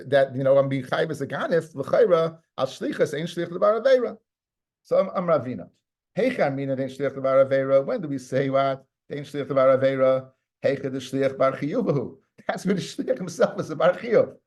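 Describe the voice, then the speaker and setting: A man's voice: fairly high pitch, gravelly, darkish tone. A man, a rabbi, teaching a Talmud lesson in a conversational way, often repeating words and mixing in Hebrew and Aramaic terms.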